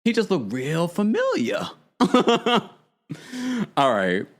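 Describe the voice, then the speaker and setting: A man hosting a podcast, casually recapping a reality show in animated, chatty commentary with frequent laughs and dramatic asides. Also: high voice, extremely slow.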